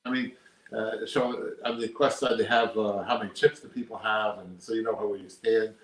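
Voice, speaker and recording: A man's voice: on the low side, fairly even intonation, moderate pace, a little hiss or hum. An older man, a poker player, talking casually and emphatically in an interview, repeating his points. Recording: roomy echo.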